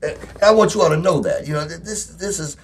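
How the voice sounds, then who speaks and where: A man's voice: a little high, quick pace, vocal fry, slightly rough. A man, co-hosting a casual relationship talk show and telling stories while acting out the people in them. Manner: animated storytelling, acting out quoted people. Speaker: co-host.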